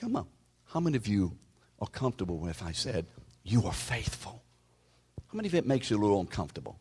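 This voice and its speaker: A man preaching a sermon in a conversational way, calling out listeners by name and dropping to a hushed whisper for emphasis. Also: lowish voice, sing-song, fast talker, breathy edge. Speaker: pastor.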